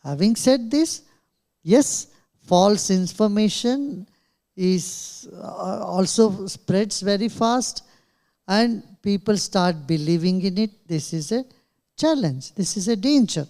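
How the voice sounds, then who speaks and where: Guest speaker, man, very unhurried, measured delivery with pauses, press room. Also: high voice, expressive. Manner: slow, measured, with many pauses and soft laughs. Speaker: invited speaker. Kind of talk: press conference answers. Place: press club conference room.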